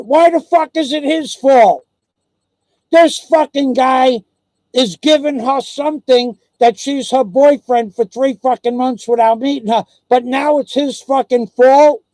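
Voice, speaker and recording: This man's extremely high, warm voice carries no echo as he furiously rants into his video. A vlogger in a profane tirade, he swears nonstop and ridicules the people he's complaining about.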